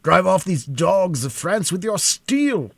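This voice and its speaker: A man voicing an aged, grieving Scottish army commander who shouts his orders with anguish, in a Scottish accent, in a storybook reading. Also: high voice, takes it slowly, no room sound, voice pushed up.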